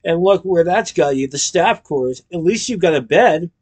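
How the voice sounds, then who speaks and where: A man voicing a sharp-tongued, cynical orphan girl who makes dry, world-weary quips. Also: on the high side, animated, moderate pace. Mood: wry.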